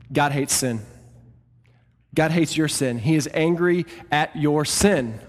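A male pastor preaching a sermon, swinging between loud emphatic peaks and quieter asides. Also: mid-range voice. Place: church hall. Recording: reverberant church hall.

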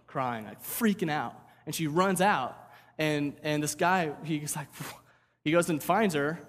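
A man's voice: on the high side, long reverb tail. A man preaching a sermon as pastor, talking casually, repeating words and asking "right?".

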